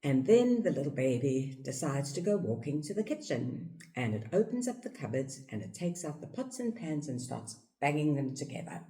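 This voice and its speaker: A woman's voice: moderate pace, hardly any pauses. A woman with a South African accent giving a reflective teaching talk on life outlook, repeating phrases for emphasis. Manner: acts out parents' voices in a high, excited tone. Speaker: yoga teacher and speaker.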